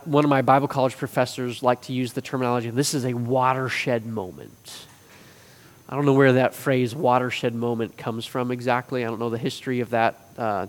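A man teaching a discipleship class, explaining a text and stressing key phrases with slow, emphatic repetition. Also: on the high side. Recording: reverberant hall.

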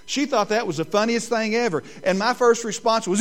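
A middle-aged man, preaching a sermon and telling family stories in lively quoted voices. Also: sits high, moderate pace. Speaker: pastor.

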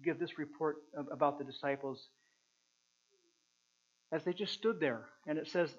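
A man preaching a sermon as pastor, earnest and halting, with many restarts, rising loud and dropping to hushed tones. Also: a little high. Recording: muffled with mains hum.

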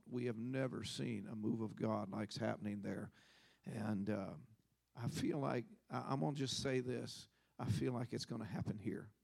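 A visiting preacher tells his story from the pulpit, and his voice is deeply gravelly with heavy fry. His pitch sits mid-range for a man. The sound is dry and close, with no room echo, and he keeps punctuating his lines with amens. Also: darkish tone. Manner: folksy storytelling with frequent amens. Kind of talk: sermon. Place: church.

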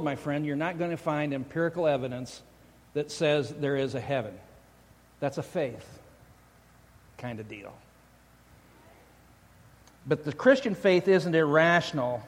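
A man preaching a sermon as a pastor, talking in a loose, joking way and often restarting his sentences. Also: fairly high pitch. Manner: conversational, joking, frequent restarts. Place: church sanctuary. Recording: long church hall reverb.

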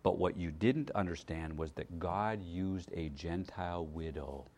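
In a sermon, a male pastor speaks in a low-pitched, unhurried voice, talking casually and checking in with his listeners. He swings between booming emphasis and whispered asides, repeating words often along the way.

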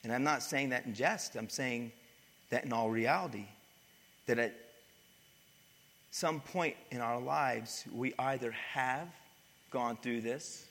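A male pastor preaching a sermon, swinging from loud to hushed. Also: medium pitch, slow pace, long pauses. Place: church sanctuary. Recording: reverberant church hall.

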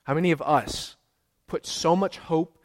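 A man's voice: a little high, unhurried, big-room sound. A man preaching a sermon as pastor, earnest, repeating key phrases and quizzing his congregation. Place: church sanctuary.

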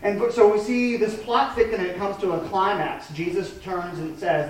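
A man's voice: high voice, animated, normal speed, hardly any pauses, slight background noise. Male pastor, thirties, conversational sermon with restarts; distant mic, heavy room echo. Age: 30s. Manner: conversational, with frequent restarts and fillers.

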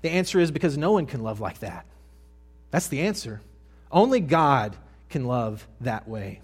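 A male pastor delivering a sermon, telling a story dramatically and swinging between hushed and loud. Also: mid-range voice, very animated, normal speed, slightly rough.

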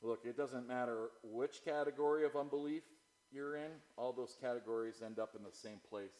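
A man preaching a sermon, moving from loud, declaiming passages to low, quiet asides as he reads and explains scripture. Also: moderate pace, low-quality recording. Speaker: pastor.

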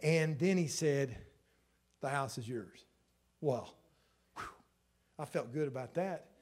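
A middle-aged man, preaching a sermon in an emotional storytelling way that swells loud at the peaks. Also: medium pitch, slow pace. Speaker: pastor.

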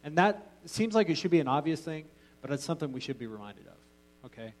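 A man's voice: fairly high pitch, big pitch swings, fairly quick, a little mellow, rough recording. A man teaching an informal Bible class in a casual, joking way, often restarting his sentences.

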